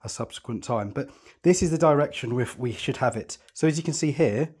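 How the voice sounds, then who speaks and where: A man's voice: medium pitch, expressive, brisk, darkish tone, husky. A man explaining telescope setup step by step while he works, chatty and reassuring, often thinking aloud. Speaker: telescope tutorial presenter. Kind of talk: hands-on setup tutorial.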